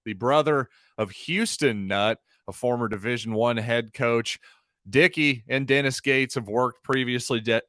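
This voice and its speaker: A man's voice: mid-range voice, fairly bright tone, no room sound, clean studio sound. A man hosting a solo sports podcast, talking through the news in a conversational way with wry, sarcastic asides. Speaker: podcast host.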